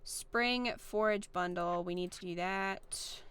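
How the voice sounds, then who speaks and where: A woman's voice: lowish voice, takes it slowly, a bit bright, smooth. A young woman streamer chatting casually while playing, reading viewer comments aloud with a playful, filler-heavy way of talking. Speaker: gaming streamer.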